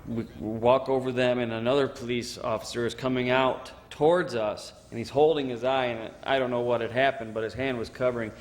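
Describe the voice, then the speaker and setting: Speaking at medium pitch and a little fast, with few pauses, this man in his forties from Michigan shares his veteran's story for an oral history interview. He's an animated teller who acts out quotes and leans on "you know" often. The sound is that of a big room.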